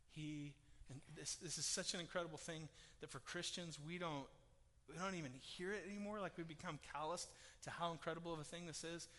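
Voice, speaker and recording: A male pastor preaching a sermon, telling the story in an animated way that swings from loud to hushed. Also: sits high, big-room sound. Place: church sanctuary.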